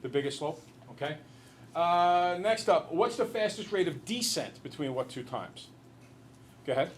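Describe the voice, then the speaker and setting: A male teacher lecturing a class in an animated, joking storyteller way. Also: on the high side, normal speed, a little hiss or hum.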